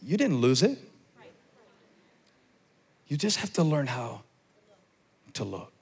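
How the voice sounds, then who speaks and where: A middle-aged pastor preaching a sermon to a congregation in a large church, moving from quiet, close talk to loud, shouted emphasis. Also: male voice, mid-range voice, big pitch swings, takes it slowly.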